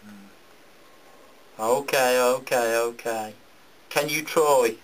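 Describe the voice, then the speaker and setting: A man leads a seance as a medium. He speaks gently and coaxingly, urging a spirit toward peace. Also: mid-range voice, slow, low-quality recording. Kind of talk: leading a seance.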